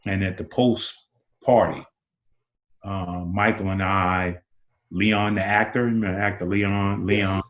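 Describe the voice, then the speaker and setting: Animated storytelling man, low voice. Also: a little slow. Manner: acts out quotes with big pitch jumps, repeats words. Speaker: interview guest, former basketball player. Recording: roomy echo.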